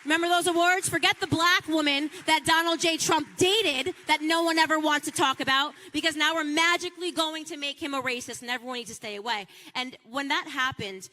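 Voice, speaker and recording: A woman delivering an impassioned political speech, emphatic and repetitive for effect, building to near-shouting peaks. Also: high-pitched, brisk, few pauses, long reverb tail. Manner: repeats phrases for rhetorical punch. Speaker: political speaker.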